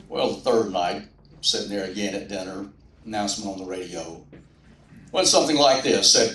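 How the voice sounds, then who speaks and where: Man, folksy humorous rally speaker, mid pitch, miked from a distance in a roomy hall. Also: fairly even intonation, normal speed, fairly bright tone, slight background noise. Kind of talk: folksy rally speech with an anecdote. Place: indoor rally venue.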